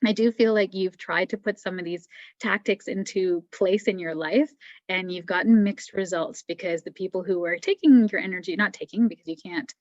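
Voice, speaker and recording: A lower-voiced woman speaks gently and encouragingly, offering intuitive readings in an unhurried, conversational way. Her voice comes through dry and slightly muffled, like a lo-fi video call. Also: no room sound. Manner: gentle, encouraging, thinks aloud with fillers. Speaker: psychic medium guest.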